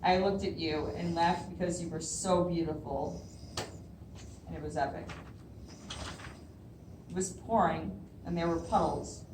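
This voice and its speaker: A woman's voice: fairly low pitch, fairly even intonation, unhurried, pauses often, noisy background. A woman poet reading her own poems aloud at a library event, nervous and laughing often between lines. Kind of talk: live poetry reading. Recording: roomy hall, voice from a distance.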